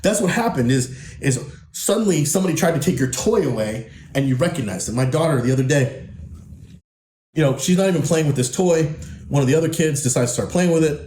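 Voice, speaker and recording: A podcast host and men's coach delivers a monologue in a fairly high, darkish voice, talking briskly with lively intonation. He's blunt and emphatic, swears a lot, and preaches at the men he coaches. The room is echoey, with faint background noise.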